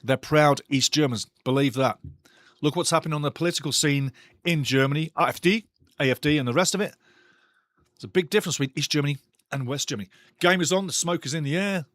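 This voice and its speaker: A man's voice: fairly high pitch, fast talker, fairly bright tone, no room sound. A man hosting a live football watch-along, rambling and chatty as he talks straight to his viewers. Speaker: host.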